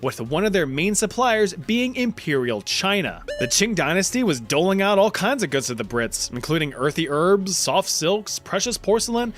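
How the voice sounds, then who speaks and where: A man's voice: high voice, fairly bright tone. A man narrating a history video in a scripted, wry, jokey storytelling manner.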